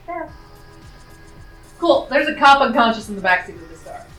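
A woman's voice: high voice, very animated, moderate pace, a bit bright, echoey room, far from the mic, faint music behind, poor audio. A woman playing a tabletop role-playing game, exasperated and swearing freely. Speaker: player.

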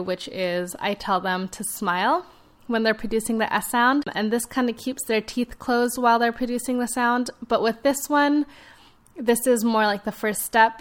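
A woman hosting a podcast as a speech-language pathologist, speaking at a medium pitch. She explains things step by step in a clear way and sometimes demonstrates sounds herself. The delivery stays informative and unhurried. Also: fairly bright tone.

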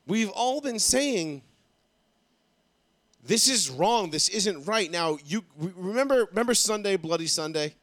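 Young male co-host, raised pitch, crude and lively, dry close sound. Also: measured pace, dry recording. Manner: profane, animated storytelling. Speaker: podcast co-host. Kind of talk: casual chat.

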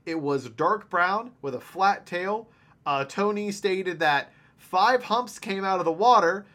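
Guy rambling thru a podcast story, kinda high voice, lots of ums and laughs. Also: slow, sharp tone. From Ohio. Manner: rambling, laughs often, many fillers. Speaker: podcast co-host. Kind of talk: casual chat, retelling monster sightings.

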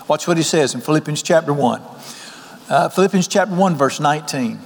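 A man, preaching an evening sermon in a folksy, animated way and asking the congregation questions. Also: fairly high pitch, a little fast, gravelly, husky. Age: 60s. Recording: long hall reverb.

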